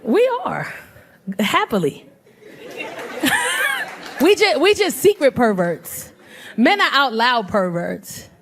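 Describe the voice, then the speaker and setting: High, lively woman doing stand-up. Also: slow pace, pauses often. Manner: loud, animated, crowd work with laughter. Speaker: stand-up comedian. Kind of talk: stand-up comedy.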